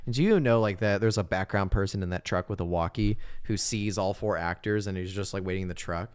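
A man co-hosting a casual movie recap, often acting out characters' lines in high exaggerated voices. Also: brisk, a little mellow, smooth. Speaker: podcast co-host.

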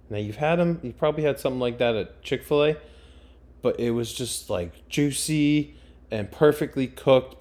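A young man, chatting casually as a podcast host, rambling and excitable with many fillers. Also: mid-range voice. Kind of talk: casual chat.

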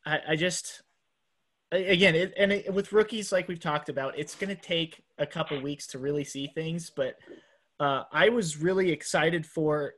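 A man's voice: fairly high pitch, normal speed, a bit bright. A man co-hosting a sports podcast, talking earnestly in casual chat with frequent restarts. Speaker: podcast co-host.

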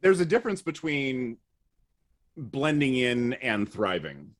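A middle-aged man on a podcast, telling stories from his own life in a relaxed, wry voice. He makes fun of himself and shrugs off the hard parts with dry humor. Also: medium pitch, slow pace. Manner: wry, self-deprecating storyteller. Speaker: podcast guest. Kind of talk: casual conversational storytelling.

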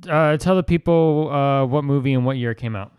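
A man's voice: a little high, brisk, a little mellow, clean tone. A man co-hosting a podcast in casual chat, in a playful, teasing way. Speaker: podcast co-host.

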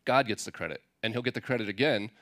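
A man's voice: fairly low pitch, fast, a bit bright. Conversational man preaching a sermon. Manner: conversational, mixes scripture reading with playful paraphrase. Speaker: pastor.

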